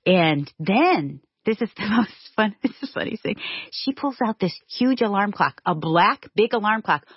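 A middle-aged woman telling a personal story in casual chat, animated and acting out the voices in her quotes. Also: medium pitch, moderate pace, breathy edge, dry recording. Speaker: guest storyteller. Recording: dull lo-fi sound, dry.

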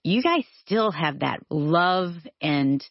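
A woman's voice: low voice, animated, slow pace, dry recording, lo-fi sound. A woman co-hosting a casual faith interview, speaking in an encouraging way. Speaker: co-host.

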